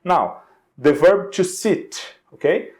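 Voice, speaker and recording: A man with a Brazilian Portuguese accent teaching an English grammar lesson, explaining slowly and carefully, spelling out examples and checking in with "okay?". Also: high-pitched, animated, darkish tone. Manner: slow and deliberate, stressing example words, frequent "okay?". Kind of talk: recorded video grammar lesson.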